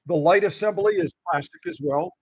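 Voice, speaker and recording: A middle-aged man with a gravelly voice, hosting a casual sewing machine demonstration and playfully quizzing his viewers. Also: high-pitched, moderate pace, a little mellow, no echo, poor audio. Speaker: sewing machine restorer and channel host.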